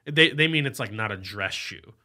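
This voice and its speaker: An American man with a very bright, sharp-edged voice, talking casually as a podcast co-host. He rambles and jokes around in easygoing chat. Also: fairly low pitch, expressive, normal speed. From United States. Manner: rambling, playful, puts on silly voices.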